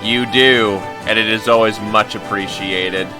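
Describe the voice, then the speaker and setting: A man's voice: lowish voice, fairly even intonation, unhurried, over music. A man streaming a game, talking casually and bluntly, swearing as he reacts. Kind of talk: casual let's-play commentary.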